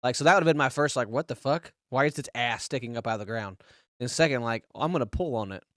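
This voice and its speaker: A man co-hosting a podcast, telling crude, animated stories and acting out quotes. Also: medium pitch, quick pace, dry recording, studio quality. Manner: swears a lot, tells animated stories with acted-out quotes. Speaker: podcast co-host. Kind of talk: crude casual chat.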